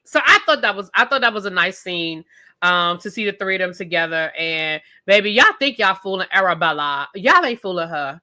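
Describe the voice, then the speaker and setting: A woman's voice: mid-range voice, expressive, normal speed, bright, forceful tone. A woman reviewing a reality TV show on a live stream, ranting with emphatic, profane commentary and talking straight to her viewers. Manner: direct address to viewers.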